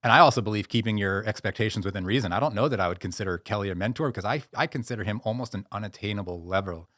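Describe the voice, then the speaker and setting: A man being interviewed as a posture expert, telling stories in an animated way with many restarts. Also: on the low side, rapid-fire, no room sound, studio quality. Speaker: guest, posture and pain-relief expert. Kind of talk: podcast interview.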